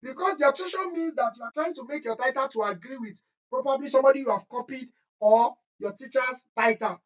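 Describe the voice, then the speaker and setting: A woman's voice: high-pitched, fast, highs cut off. A woman chemistry teacher, giving an exam-prep lesson in an emphatic, scolding way that repeats key points. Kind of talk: exam-prep lesson, screen-share walkthrough.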